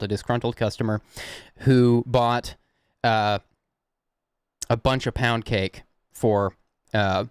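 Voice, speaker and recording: Low-voiced Southern man chatting casually. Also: clean tone, dry recording. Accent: Southern American. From Southern United States. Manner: rambling, chuckling, chatty with restarts. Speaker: prank-call livestream host. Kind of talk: casual live-stream chat.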